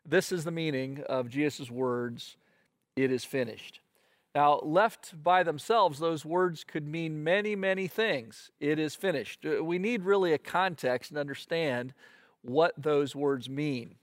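Earnest pastor preaching a sermon. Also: male voice, on the high side, unhurried, no echo, studio quality. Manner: earnest, with frequent "uh" fillers and repetitions.

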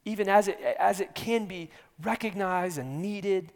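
A man preaching an earnest sermon, repeating his words and shifting between hushed near-whispers and loud emphasis. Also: sits high, unhurried. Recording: long hall reverb.

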